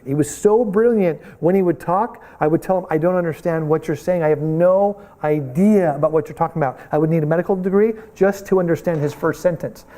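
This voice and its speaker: A man teaching a missions class, telling animated stories and acting out the voices of the people in them. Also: fairly high pitch. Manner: animated storytelling, acts out voices in quotes.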